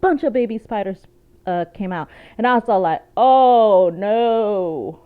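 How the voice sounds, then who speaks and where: A woman chatting casually to her viewers, telling lively stories with plenty of asides. Her voice sits at an ordinary middle pitch. The recording sounds a bit dull and lo-fi. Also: fairly quick. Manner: chatty, animated storytelling with laughs and asides. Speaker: vlogger. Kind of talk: casual chat.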